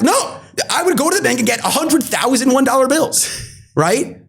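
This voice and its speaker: A man in his thirties talks quickly as an interview guest, his voice sitting high. He tells his story with animation and plays out both sides of old conversations. He repeats key phrases for emphasis. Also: big pitch swings, vocal fry, a bit bright, slightly rough.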